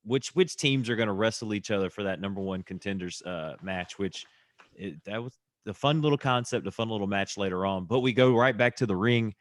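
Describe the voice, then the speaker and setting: In a clean studio recording with no room sound, a man co-hosts a podcast reviewing wrestling, recapping segments in a laid-back, amused way. His voice is lowish and brisk.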